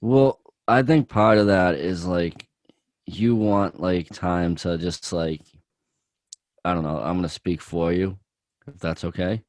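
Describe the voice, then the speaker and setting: Low-voiced hesitant man on a podcast. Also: slow, dry recording. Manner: hesitant, many fillers, soft-spoken. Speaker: podcast co-host. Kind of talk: casual podcast chat.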